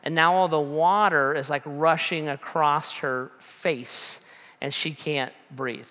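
Bright-voiced preacher in a reverberant hall. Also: male voice, on the high side, steady tone, takes it slowly. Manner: rambling, casual, many fillers and restarts. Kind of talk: storytelling sermon.

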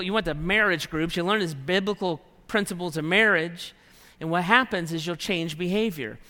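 A man's voice: sits high, pushed and bright. A man preaching a sermon in a conversational way, acting out the prayers and thoughts of his listeners. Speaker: pastor. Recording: long hall reverb.

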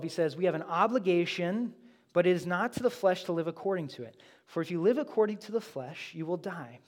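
High-voiced man preaching a casual sermon. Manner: conversational, emphatic preaching with quoted asides. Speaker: pastor.

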